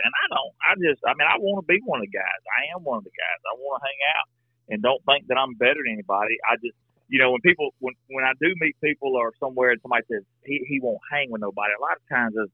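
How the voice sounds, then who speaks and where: A man's voice: medium pitch, dry recording. A man telling stories earnestly in a folksy, rambling way as a podcast guest. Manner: earnest, folksy, talks in restarts. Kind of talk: casual storytelling conversation. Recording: tinny phone-like line, dry.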